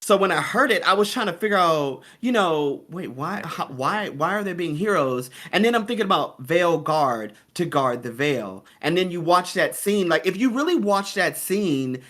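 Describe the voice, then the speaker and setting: Man, somewhat higher voice, rambling fan-chat delivery, full of fillers. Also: expressive, normal speed, hardly any pauses, fairly bright tone. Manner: rambling, thinks aloud with many fillers. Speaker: discussion panelist. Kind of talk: casual chat.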